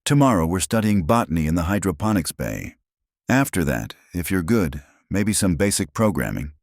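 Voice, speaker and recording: A man's voice: low-pitched, very animated, normal speed, creaky, dry recording, clean studio sound, full character voice. A man voicing a practical human mother engineer. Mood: dry.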